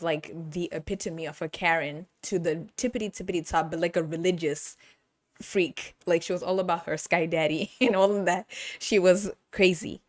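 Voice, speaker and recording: Brief: woman host, giggly and animated, lowish voice, dry close sound. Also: no room sound. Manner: giggly, animated, laughs often. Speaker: podcast host. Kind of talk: casual movie review chat.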